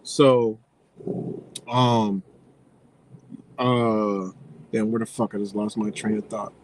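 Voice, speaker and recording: A man's voice: on the low side, steady tone, slow pace. A man ranting profanely in a casual livestream, rambling and losing his train of thought. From United States.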